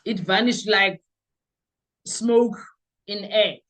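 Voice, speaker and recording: A woman with a South African accent hosting a podcast, giving animated, sarcastic commentary full of rhetorical questions. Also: mid-range voice, takes it slowly, poor audio. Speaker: podcast host. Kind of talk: opinionated commentary.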